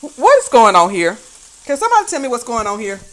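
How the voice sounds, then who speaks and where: A woman's voice: a little high, wildly swooping pitch, fast, a bit bright, rough recording. A woman hosting a casual talk stream, commenting in a chatty, folksy way with frequent laughs and trailing fillers while she cooks in her kitchen. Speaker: host commenting on church videos. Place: home kitchen while cooking. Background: faint frying and sizzling.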